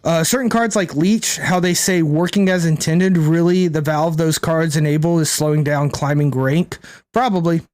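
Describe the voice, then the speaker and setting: A man's voice: a little high, steady tone, moderate pace, a little mellow. A man streaming a card game, rambling and thinking aloud to his chat, swearing casually. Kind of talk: casual gameplay commentary to chat.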